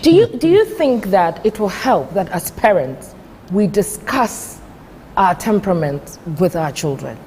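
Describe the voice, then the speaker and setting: A woman's voice: mid-range voice, very animated, measured pace, a little mellow, long reverb tail, slight background noise. A woman hosting a TV talk show and asking her guests probing questions.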